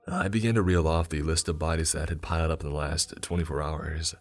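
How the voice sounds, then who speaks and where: A man with an extremely deep voice reads a first-person story. His delivery is steady and measured, with faint music playing underneath. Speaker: narrator.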